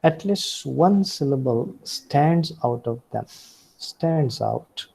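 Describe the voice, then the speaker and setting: A man with an Indian English accent giving a recorded lecture, speaking deliberately with frequent fillers and self-corrections. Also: mid-range voice, expressive, creaky, mellow, slightly rough, poor audio.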